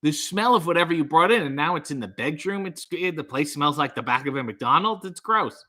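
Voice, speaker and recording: Bright, rambling male livestream host. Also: fairly high pitch, animated, fairly quick. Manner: rambling, jokey, self-deprecating. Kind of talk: casual chat reading viewer comments.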